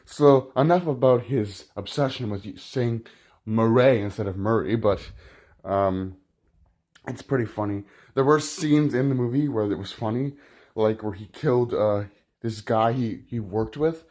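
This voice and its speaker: A man's voice: medium pitch, measured pace, a little mellow. Man rambling through a casual film review. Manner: rambling, with frequent "like" and restarts.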